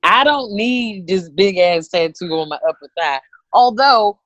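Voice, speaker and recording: A woman in her thirties, a comedian telling a story, animated and profane, acting out the voices of people in it. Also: medium pitch, a little slow, dry recording, muffled recording. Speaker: comedian guest. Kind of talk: comic storytelling.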